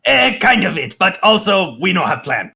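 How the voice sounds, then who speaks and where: A scheming little goblin , put on by a man running a tabletop game, chatters high and bright. He speaks in clipped, broken sentences. The tone is sharp and giggly. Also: big pitch swings, normal speed, vocal fry, exaggerated voice. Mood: sly. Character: scheming male goblin underling, broken speech.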